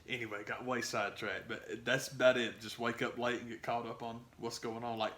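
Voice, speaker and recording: A man co-hosting a podcast, chatting about sports in a rambling, excitable way that trails off and restarts. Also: mid-range voice, fairly quick. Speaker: podcast co-host. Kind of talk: casual sports chat.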